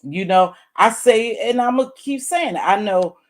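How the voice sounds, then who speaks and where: A middle-aged woman doing commentary straight to camera, blunt and animated, calling her listener "baby" and cursing freely. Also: a little slow. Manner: blunt and animated, swings high and loud when making a point. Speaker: YouTube commentator. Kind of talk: direct-address commentary vlog.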